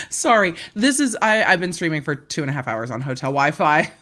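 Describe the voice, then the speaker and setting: In a low, slightly bright voice at normal speed, a very animated woman chats on a livestream from a hotel room. She's a legal commentator who laughs through it, making self-deprecating jokes about her own mishaps.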